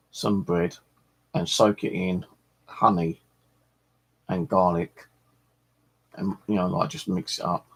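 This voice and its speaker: A man's voice: low voice, creaky, slightly rough, poor audio. A middle-aged man, chatting casually as the host of a fishing channel and telling rambling stories while swearing freely.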